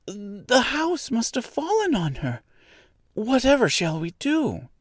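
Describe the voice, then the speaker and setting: Brief: man putting on a high, timid little farm girl for a storybook, slow and hesitant. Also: huge pitch swings, darkish tone, dry recording, clean studio sound, full character voice. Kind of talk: storybook reading.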